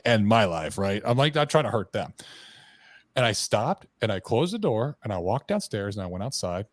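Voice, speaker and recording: A man's voice: on the low side, sing-song, fairly quick, dry recording. A man guest on a podcast, candidly telling a personal story in a blunt, profane way, full of restarts and slang.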